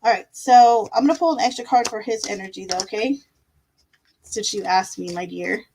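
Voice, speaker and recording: A woman hosting a live-stream tarot reading, chatting casually and affectionately with viewers and often filling pauses with "um" and "like.". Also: medium pitch, background noise.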